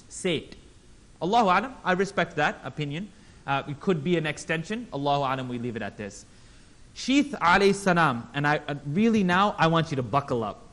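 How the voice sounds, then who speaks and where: Guy teaching a religious class, kinda high voice, animated, does little voices and quizzes the crowd. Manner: animated, acts out quotes in voices; engages audience with questions. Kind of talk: Islamic class lecture.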